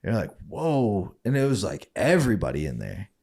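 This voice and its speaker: A man's voice: lowish voice, wildly swooping pitch, quick pace, vocal fry, darkish tone, breathy edge. A man from Saint Paul, Minnesota, telling his story as a podcast guest in a loose, profane way, laughing often and acting out other people's lines. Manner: profane, laughing, acts out quoted voices. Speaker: guest, former fighter.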